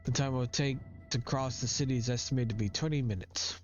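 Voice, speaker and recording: A man's voice: mid-range voice, fast, lightly acted. A man reading the lines of a fussy, eccentric male doctor from a game aloud in a fairly plain voice. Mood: explaining. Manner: reads game dialogue aloud. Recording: dull lo-fi recording with faint game music.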